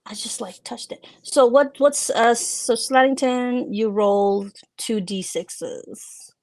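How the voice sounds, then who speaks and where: A woman's voice: on the high side, takes it slowly, a little mellow. A woman narrating as game master of a tabletop game, casual and giggly with many fillers.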